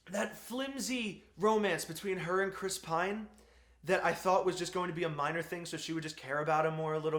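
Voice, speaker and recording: A man's voice: fairly high pitch, fairly bright tone. A man giving an exasperated, profanity-laced film review rant. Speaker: movie reviewer. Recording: echoey room.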